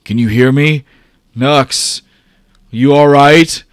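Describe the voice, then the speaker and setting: A man's voice: mid-range voice, fairly even intonation, slow pace, clear, resonant tone, dry recording, clean studio sound, pitched above the performer's own voice, lightly acted. A man voicing a worried male friend calling out in a raised, pleading voice.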